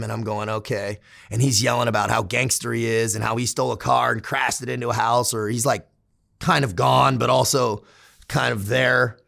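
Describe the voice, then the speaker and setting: Man, 30s, gravelly, swears freely, laughs through his war stories, casual interview guest. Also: mid-range voice, a bit bright. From San Diego, United States. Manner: profane, candid, laughs while telling. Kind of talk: casual storytelling.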